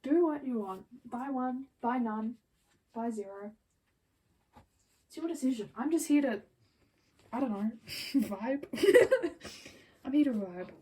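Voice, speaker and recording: A woman's voice: fairly high pitch, unhurried, long pauses, mellow, husky, rough recording. A woman chatting casually to camera as a vlogger, giggly and rambling, often slipping into whispered asides and little apologies. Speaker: vlogger reviewing album collection.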